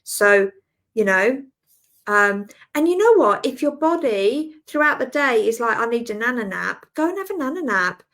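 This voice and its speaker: A woman's voice: high-pitched, sing-song, unhurried, fairly bright tone. An Australian woman in her forties, a spiritual healer chatting casually on a live stream, rambling, laughing often and answering viewers by name. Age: 40s.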